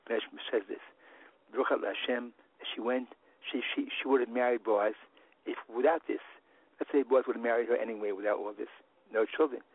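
Man teaching a Torah lesson, husky voice, halting and repetitive, restarts often, thin phone-like sound. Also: mid-range voice. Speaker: religious teacher. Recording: phone-like line.

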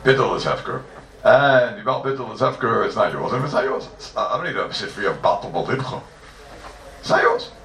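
A man teaching a Talmud class, animated and full of rhetorical questions, heard from a distance in an echoey room. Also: on the low side, a little fast, gravelly, slight background noise. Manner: animated, rhetorical questions, Yeshivish mix of Hebrew and Yiddish terms. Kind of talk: Talmudic lecture. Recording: echoey room, distant mic, faint ambience.

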